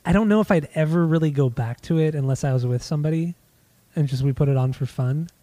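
A man's voice: fairly high pitch, fast talker, mellow, no room sound. Easygoing man talking about vinyl finds. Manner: easygoing, hesitant, swears casually. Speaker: podcast co-host.

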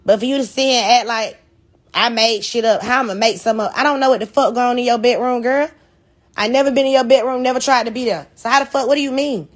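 A woman's voice: a little high, fairly bright tone. A woman, a hairstylist, venting bluntly to camera, swearing freely and hammering the same points again and again. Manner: blunt, profane, repeats her points.

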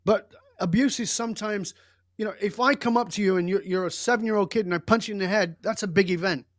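Older man, interview guest, emphatic storyteller, blunt, slightly high voice, dry close sound. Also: fast talker, no echo. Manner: emphatic, intense, blunt and occasionally profane. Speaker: podcast guest.

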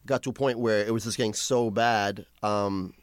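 A man's voice: on the low side, fairly even intonation, normal speed, smooth, no echo. A man in his forties, born in Iran, telling loose stories on a podcast, swearing and acting out quotes. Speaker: podcast guest. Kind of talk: casual podcast chat.

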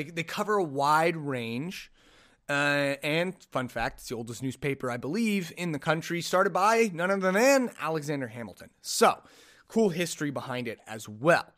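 A man with a slightly higher-than-average voice chats casually as a podcast host. He sounds animated and incredulous, often firing off rhetorical questions. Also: moderate pace. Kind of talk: casual solo podcast chat.

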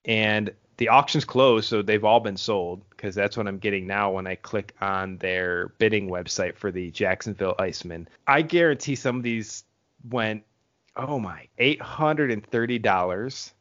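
A man hosting a podcast in casual chat, rambling quickly and laughing often. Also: lowish voice, a bit bright. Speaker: podcast host. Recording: dull lo-fi audio.

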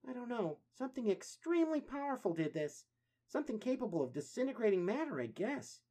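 A man's voice: very high-pitched, very animated, fairly quick, warm tone, pitched above the performer's own voice, full character voice. A man voicing a cautious, brainy young mutant turtle who talks in a thoughtful, wary way.

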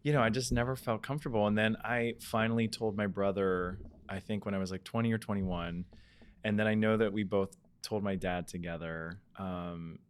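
Low-voiced man reflecting candidly. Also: fairly even intonation, normal speed, a little hiss or hum. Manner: candid, reflective, with frequent ums. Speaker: podcast co-host. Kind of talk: casual personal storytelling.

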